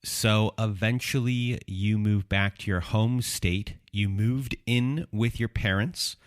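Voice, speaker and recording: A male podcast host calmly summarizing his guest's story before asking his next question. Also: on the low side, dry recording, studio quality. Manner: calm, deliberate summarizing. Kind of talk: interview recap and question.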